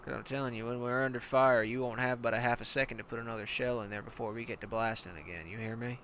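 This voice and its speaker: A man's voice: mid-range voice, fairly even intonation, fast talker, fairly bright tone, slight background noise, natural voice. A man playing a brutal, profane male tank commander who barks orders with contempt. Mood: menacing.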